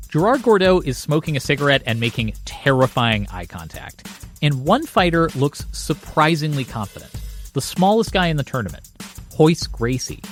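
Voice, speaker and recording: A man narrating a documentary podcast in a lively storytelling cadence. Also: fairly high pitch. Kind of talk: scripted narration.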